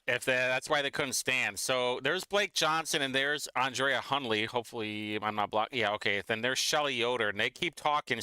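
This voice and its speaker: A man's voice: medium pitch, bright, forceful tone, clear, resonant tone, no room sound. A man hosting a casual live watch-along stream, talking in a chatty, mocking, rambling way.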